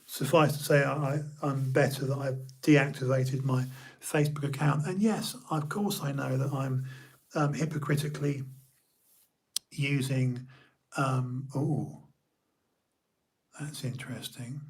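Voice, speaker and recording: A man talks alone to his viewers in a long, wandering monologue. His voice is husky and sits at an ordinary pitch. He keeps stopping, restarting and poking fun at himself. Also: steady tone. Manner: rambling, self-deprecating, halting with many restarts. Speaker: YouTube streamer. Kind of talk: rambling late-night solo monologue.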